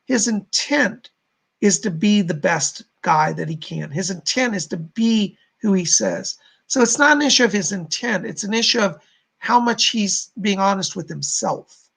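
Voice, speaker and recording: A man hosting a livestream, giving gentle, halting psychic readings and relaying messages from spirits. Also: sits high, big pitch swings, creaky, breathy edge. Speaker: psychic reader and host.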